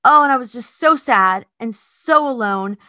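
Bright, lively woman storyteller. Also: a little high, normal speed, no room sound, studio quality. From North Carolina. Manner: animated, heartfelt storytelling. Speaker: podcast host and dog trainer. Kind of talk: casual chat.

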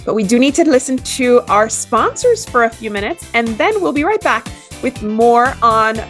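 A woman's voice: fairly high pitch, very animated, normal speed, fairly bright tone, faint music behind. A woman hosting an interview show, enthusiastic and effusive with her guest. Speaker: podcast host. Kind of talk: casual interview chat.

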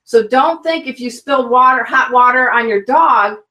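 A woman teaches pet first aid as an interview guest, vivid and instructive in a folksy, energetic way. Her voice sits high. The sound echoes around a room, and she sits somewhat back from the mic. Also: normal speed, far from the mic, muffled recording. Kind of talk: guest expert in an online interview. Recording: roomy, a bit off-mic.

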